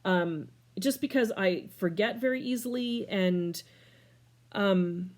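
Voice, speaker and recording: A middle-aged woman in a casual talking-to-camera life update from home, rambling and scattered, tearful and emotional, laughing through tears. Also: slow pace. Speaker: vlogger. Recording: clear background noise, furnace rumble.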